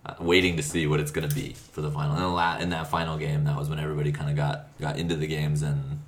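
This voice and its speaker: A man hosting a casual podcast chat, relaxed and rambling, laughing often. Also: rumbling low, fast. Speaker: podcast host.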